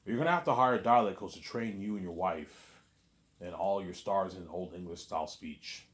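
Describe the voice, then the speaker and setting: Very low-voiced man rambling late at night. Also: moderate pace, fairly bright tone. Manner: meandering, repeats himself, says "obviously" often. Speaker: vlogger.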